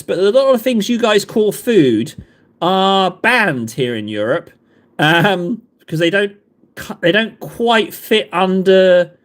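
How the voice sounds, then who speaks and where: A man with a southern English accent hosting a livestream, chatting casually to viewers in a rambling, self-mocking, jokey way. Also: sits high. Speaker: livestream host. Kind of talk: casual chat to live viewers.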